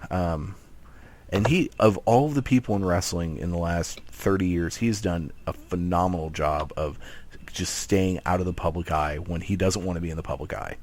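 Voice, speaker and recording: A man's voice: sits low, moderate pace. A man co-hosting a wrestling podcast, talking casually and rambling with lots of restarts. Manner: rambling, animated, many restarts. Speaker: podcast co-host. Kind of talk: casual chat.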